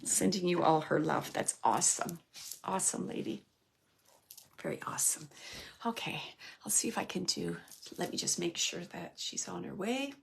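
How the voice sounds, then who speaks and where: A woman's voice: on the low side, moderate pace, vocal fry, slight background noise. A middle-aged woman giving a live mediumship reading, chatting casually and relaying messages. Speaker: psychic medium.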